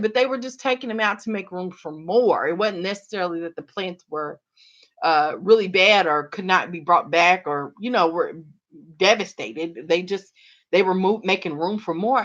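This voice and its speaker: A woman's voice: mid-range voice, moderate pace. A woman hosts a gardening livestream, chatting casually with viewers and calling them y'all. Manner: animated, addresses viewers as y'all. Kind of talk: casual chat reading viewer comments. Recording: slightly dull lo-fi livestream audio.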